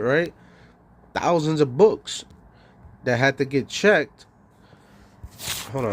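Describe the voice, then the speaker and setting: A man with a slightly high voice rants on his livestream, swearing freely. He rambles, stalls while he hunts for words, then taunts the audience with repeated rhetorical jabs. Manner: profane, rambling, searching for words. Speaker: livestream host. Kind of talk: ranting livestream monologue.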